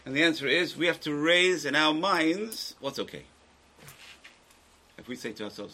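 An older man teaching a religious class, lecturing a small group in an animated way with restarts and asides. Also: mid-range voice, fairly quick, creaky, a little hiss or hum.

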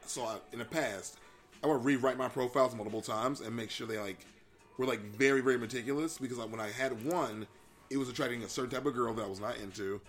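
A young man hosting a casual podcast chat, talking in a relaxed, hesitant way with many restarts. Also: mid-range voice, quick pace, faint music behind. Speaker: podcast host.

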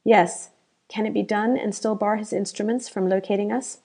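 A woman voicing a young woman who urges with calm confidence while hiding fear. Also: mid-range voice, normal speed, slightly rough. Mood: coaxing. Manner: urgent, coaxing.

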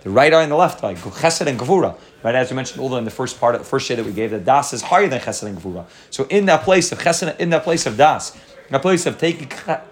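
A man teaching a Torah class, explaining at length with frequent restarts and Hebrew terms mixed into his English. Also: medium pitch.

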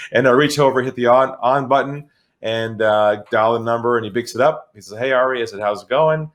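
Appearing as a guest, a middle-aged man from San Diego, California, who works as a sales expert, relates an anecdote in a mid-range voice at a moderate pace. He's an animated storyteller who performs the different characters' voices.

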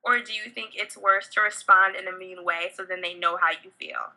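A woman's voice: lowish voice, steady tone, normal speed, bright, forceful tone, poor audio. A woman co-hosting a casual chat podcast, mostly giving short replies and laughing along. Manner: brief agreeing replies and laughs. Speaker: podcast co-host.

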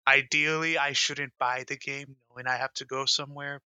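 Bright sharp voice guy joking around on a gaming podcast, teasing everyone. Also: mid-range voice, level tone, moderate pace, clear, resonant tone, dry recording. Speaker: podcast co-host. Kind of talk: casual gaming podcast chat.

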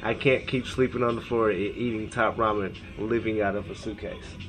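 A man's voice: fairly low pitch, steady tone, moderate pace, a bit bright, rough recording. A man in his thirties from Seattle hosting a podcast, ranting with heavy profanity, rambling and reading his text messages aloud. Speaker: podcast host. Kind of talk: emotional rant.

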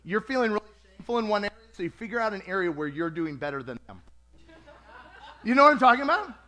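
A man preaching a sermon to a congregation in a lively, conversational way, acting out quoted voices. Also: high-pitched, fast.

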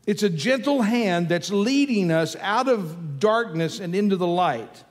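High-voiced man preaching in a reverberant hall. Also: lively intonation, unhurried. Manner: conversational preaching, repetitive emphatic phrasing. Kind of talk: sermon. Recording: long hall reverb with faint music.

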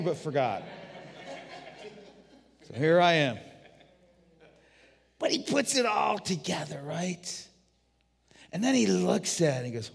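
A man's voice: fairly high pitch, sing-song, normal speed, gravelly, long pauses, breathy edge, long reverb tail. A man preaching a sermon as a guest pastor, telling stories animatedly with frequent restarts.

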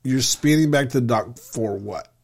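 A man's voice: medium pitch, moderate pace. A man co-hosting a podcast, chiming in with short reactions and teasing asides. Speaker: podcast co-host. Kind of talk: casual chat.

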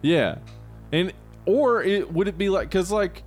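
A man's voice: high voice, lively intonation, a little slow, soft background music. An American man co-hosting a podcast in casual, easygoing, joking talk. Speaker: podcast co-host. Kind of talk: casual chat.

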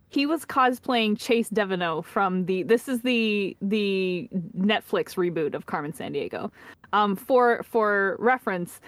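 A woman co-hosting a podcast, telling an animated story in casual chat and acting out what people said. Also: medium pitch, slow, no room sound. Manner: animated storyteller, acts out quotes. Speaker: podcast co-host.

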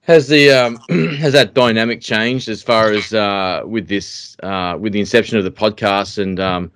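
A man's voice: lowish voice, a little slow, a bit bright, dry recording. Aussie podcast host guy, rambly questions, ums everywhere, super dry mic. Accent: Australian. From Australia. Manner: rambling, hesitant questions full of fillers. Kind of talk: casual interview.

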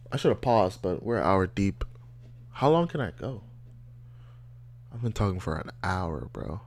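A young adult man hosting a solo podcast, ranting and rambling with lots of profanity. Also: fairly low pitch. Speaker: podcast host.

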